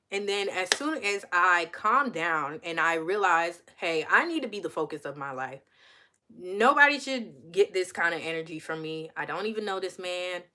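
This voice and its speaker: A young woman with a bright, ringing voice tells a personal story in a casual vlog. She laughs often, calls the listener girl and honey, and leaps up high when she quotes herself. Her pitch sits in an ordinary middle range. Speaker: vlogger and podcast host.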